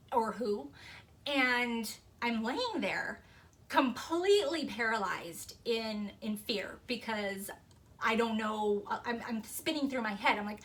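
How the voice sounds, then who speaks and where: A woman vlogger telling a personal ghost story in a casual, animated, rambling way, full of "like" and restarts. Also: fairly high pitch.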